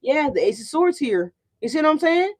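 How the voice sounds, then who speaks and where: A woman's voice: high voice, very animated, moderate pace. A woman doing a casual tarot reading for her viewers, chatty and profane, often asking "right?". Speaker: tarot card reader.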